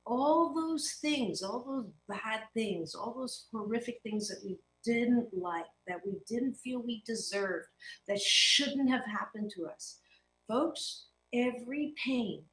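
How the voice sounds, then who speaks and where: A woman's voice: on the high side, lively intonation, slow, a bit bright, reverberant, poor audio. A woman hosting a motivational talk show as a happiness coach, speaking earnestly and emphatically, with playful stand-ins for swear words.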